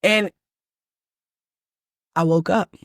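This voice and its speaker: Animated Texan woman telling a story. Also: lowish voice, drawn-out words, no echo, studio quality. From Texas. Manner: animated, emphatic, lots of restarts and fillers. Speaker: manifestation channel host. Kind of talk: casual personal storytelling.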